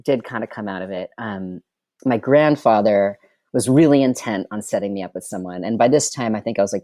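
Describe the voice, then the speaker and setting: A man's voice: mid-range voice, a little mellow, no room sound, studio quality. A middle-aged man, a filmmaker guest, telling personal stories in a wry, chatty way full of filler words. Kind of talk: candid personal storytelling.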